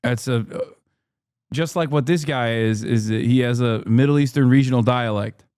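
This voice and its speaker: A man in his thirties hosting a livestream, giving sarcastic, deadpan mock-serious reaction commentary. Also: mid-range voice, normal speed, clear, resonant tone, no room sound, clean studio sound. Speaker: livestream host reacting to a video.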